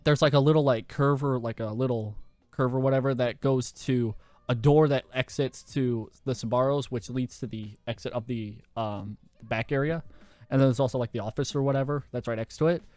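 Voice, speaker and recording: A young man hosting a podcast, telling a story in a loud, animated way and swearing often. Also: mid-range voice, moderate pace, no echo. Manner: animated, swears a lot, laughs through his story. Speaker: podcast host. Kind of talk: casual storytelling.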